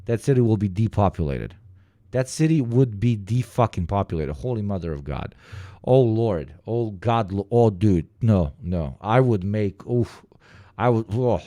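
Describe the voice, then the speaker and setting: A man giving casual, profane reaction commentary, telling stories with lots of fillers and animated bursts. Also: on the low side, unhurried, no room sound, studio quality. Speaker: reaction streamer.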